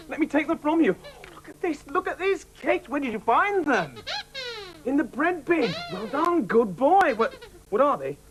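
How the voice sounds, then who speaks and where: A man presenting a children's TV show, cheerfully coaxing and chatting to puppets in a lively scripted way. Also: very high voice, moderate pace, rough recording.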